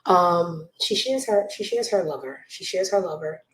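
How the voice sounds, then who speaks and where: A woman hosts a casual gossip show from her home, talking into a desk mic. She is blunt and openly judgmental, swinging from loud outbursts to hushed asides. Her voice sits a little low and the room rings with echo. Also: expressive, moderate pace. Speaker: show host. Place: home room with a child nearby.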